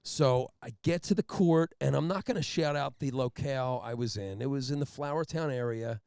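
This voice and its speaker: A man from Pennsylvania co-hosts a podcast and tells a comic story in a rambling, deadpan way. His voice is gravelly and of middling pitch. It is recorded dry on a close mic. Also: normal speed, no room sound. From Pennsylvania, USA. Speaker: podcast co-host.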